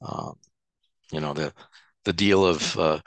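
A man sharing his personal testimony at a support meeting, halting and often restarting his words. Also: very deep voice, no room sound. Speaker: recovery speaker at a support meeting.

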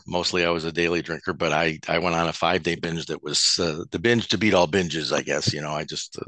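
A man sharing his personal testimony at a support meeting, halting and often restarting his words. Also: low-pitched, pushed and bright, dry recording. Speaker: recovery speaker at a support meeting.

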